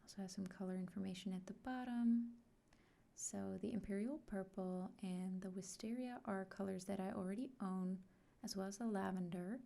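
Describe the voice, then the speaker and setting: A woman hosts an unboxing vlog in a soft, often whispered voice. She speaks slowly and gently, and her voice is mellow and dark, with a gravelly fry at its edges. Her pitch sits in an ordinary middle range. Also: fairly even intonation. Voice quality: frequently whispered. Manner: slow, gentle and soft-spoken. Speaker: art vlogger.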